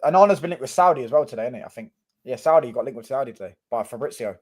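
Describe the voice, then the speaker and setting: A man, chatting on a live stream about football in quick, slangy banter. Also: mid-range voice, expressive. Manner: fast, slangy, keeps asking "do you know what I'm saying". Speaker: Manchester United fan co-host.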